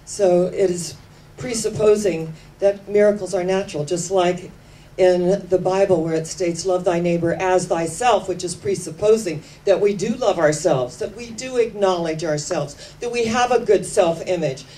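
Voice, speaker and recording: A woman giving an inspirational sermon, telling stories with slow, emphatic phrasing that sometimes sinks to hushed tones. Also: fairly low pitch. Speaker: spiritual speaker. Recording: distant mic with faint background noise.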